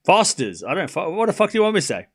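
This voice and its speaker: A young man doing live play-by-play commentary on a tennis match for his stream. He is excitable, jokes with his chat and shouts at the big points. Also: sits high, very fast.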